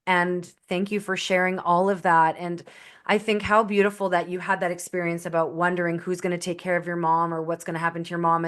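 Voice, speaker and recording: A woman podcast host answering her guest in a soft, reflective way, searching for words as she goes. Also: fairly low pitch. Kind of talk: supportive interview reply.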